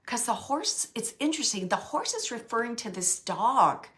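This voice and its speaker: A woman working as a medium, giving a live reading to an audience member, animated and searching as she relays messages in quoted speech. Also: fairly high pitch, moderate pace. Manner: searching, self-correcting phrasing.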